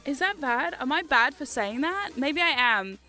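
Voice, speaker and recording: Bright high-voiced woman streamer. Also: very animated, normal speed. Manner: chatty, laughing, swearing freely. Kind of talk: casual livestream chat.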